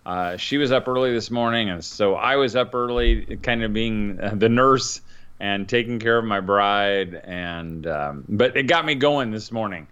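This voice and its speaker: A man's voice: lowish voice, unhurried, fairly bright tone, clear, resonant tone. Tired rambling middle-aged man. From northern Indiana. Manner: rambling, many fillers. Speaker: podcast co-host, father. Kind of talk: casual chat. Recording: dull lo-fi sound.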